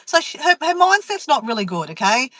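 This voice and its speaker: A woman chats through a story for her live viewers, slipping into other people's inner voices as she goes. Her voice sits a little high. It is recorded dry and close, with no room sound. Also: a little fast, no echo, rough recording. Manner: chatty, animated, acts out inner voices. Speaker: vlogger. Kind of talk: casual storytelling to a live chat.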